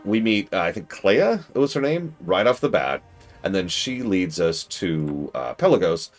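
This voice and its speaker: Deep-voiced rambling game streamer man. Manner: rambling, self-correcting, excitable asides. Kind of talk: casual gaming stream commentary. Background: game music.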